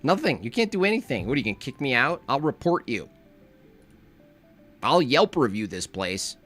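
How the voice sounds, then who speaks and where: A man's voice: mid-range voice, very animated, normal speed, fairly bright tone, soft background music. A man giving a comedic reaction commentary, joking and laughing often as he riffs.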